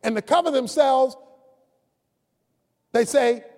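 High-voiced, animated preacher in an echoing hall. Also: male voice, moderate pace. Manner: emphatic preaching, rising to shouts on key words. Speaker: pastor. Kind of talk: sermon. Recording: long reverb of a large hall.

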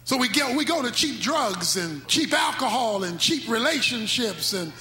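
A man preaching a sermon with speech, swinging between sudden shouts and slow, drawn-out phrases. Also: extremely high pitch, big pitch swings. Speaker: pastor. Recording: echoey hall with faint music.

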